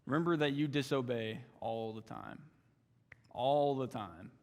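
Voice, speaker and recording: A young man giving a sermon as a youth ministry intern, emphatic and repetitive, often dropping into quieter asides. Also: medium pitch, measured pace. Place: church sanctuary. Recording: long church hall reverb.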